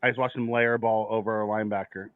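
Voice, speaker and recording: A man co-hosting a casual live football watch party, speaking in a relaxed, measured way with frequent stumbles and restarts. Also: fairly low pitch, clean tone, no echo. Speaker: co-host of a sports watch-party stream. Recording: tinny phone-like line.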